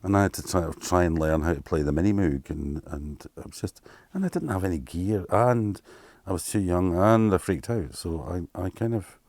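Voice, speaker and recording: A Scottish keyboard player in his fifties speaks in a low voice at a moderate pace, barely pausing, recorded with no room sound. In a casual storytelling interview he tells candid, animated anecdotes, acting out what people said and swearing along the way.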